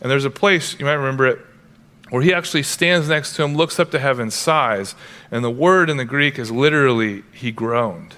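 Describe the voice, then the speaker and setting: A man's voice: medium pitch, normal speed, sharp tone. A male pastor preaching a sermon, earnest and emphatic, breaking into playful asides now and then.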